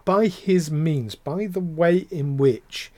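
A man's voice: on the high side, slow pace, mellow, no room sound. A man co-hosting a podcast in casual chat, rambling and getting heated, with the odd swear. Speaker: podcast co-host.

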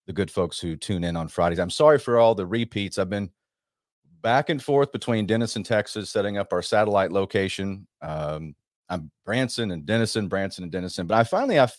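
A man's voice: low voice, no echo, studio quality. A man hosting a radio talk show, talking in a casual, rambling way with chatty asides.

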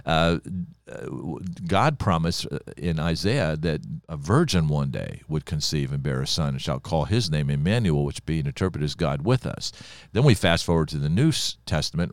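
A bass-voiced older pastor with lively intonation teaches the Bible on a podcast at normal speed. Recorded dry with clean studio sound, he preaches in a folksy, conversational manner rich in personal anecdotes.

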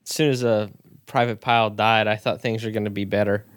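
A man's voice: fairly low pitch, little pitch movement, brisk, no room sound, studio quality. A young man co-hosting a podcast with his father, talking in a laid-back, wry way and swearing casually. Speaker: podcast co-host, son. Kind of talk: casual chat.

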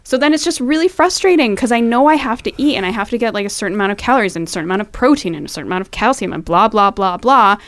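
A woman's voice: a little high, expressive, rapid-fire, hardly any pauses, dry recording. A pregnant woman co-hosting a podcast in casual chat, frank and frustrated, swearing casually. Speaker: podcast co-host.

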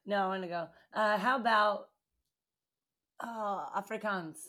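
A hoarse woman from Utah co-hosting a podcast, with giggly, teasing banter in casual chat. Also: medium pitch, slow, pushed and bright. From Utah, USA. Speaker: podcast co-host.

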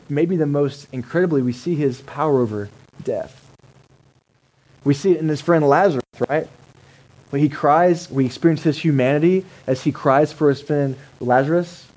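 A man's voice: mid-range voice, warm tone, rough recording. A male pastor, preaching a sermon in a conversational way and asking the congregation rhetorical questions. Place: church service held in a cinema.

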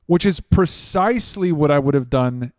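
A young man chats on a podcast, rambling and repeating himself as he gets worked up. His voice sits slightly high, and it is recorded dry on a close mic. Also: moderate pace, no echo. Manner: rambling, repeats words, excitable. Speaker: podcast co-host, scam baiter. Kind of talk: casual chat.

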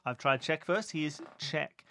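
A man's voice: on the high side, lively intonation, normal speed, bright, forceful tone, no room sound. A man co-hosting a podcast, running a quiz in casual chat with a playful, teasing manner.

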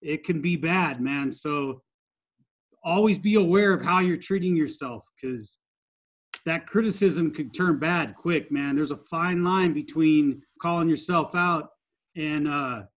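Male panelist, slightly high voice, earnest and candid. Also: measured pace. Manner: candid, earnest, casually profane. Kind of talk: casual podcast chat.

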